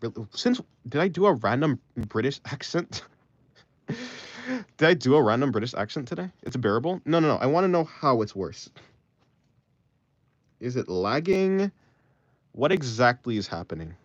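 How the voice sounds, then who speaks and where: Drawing on a livestream, this man chats casually with his audience, rambling and musing aloud into his phone's microphone. He has a mid-range voice that swings widely in pitch, a moderate pace, and long pauses. There's no echo, though the sound is a little dull and faint music plays.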